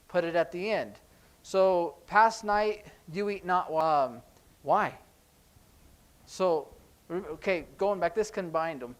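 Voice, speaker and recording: A man teaching a sign language class in a church classroom, explaining in a relaxed, conversational way with frequent ums. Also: high voice. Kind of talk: classroom lesson.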